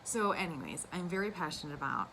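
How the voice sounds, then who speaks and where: Casual woman vlogger, a little low-pitched, chatty and enthusiastic, light room hum behind. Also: animated, fast talker, bright, forceful tone, poor audio. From United States. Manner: chatty and gushing, with asides. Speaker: cross-stitch vlogger. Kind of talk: casual chat to camera.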